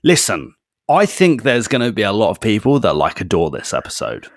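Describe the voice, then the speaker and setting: Male podcast co-host, chatty and animated, restarts a lot; dry close mic. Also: on the low side, brisk, no echo. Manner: chatty, animated, repeats himself while thinking. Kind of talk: casual chat.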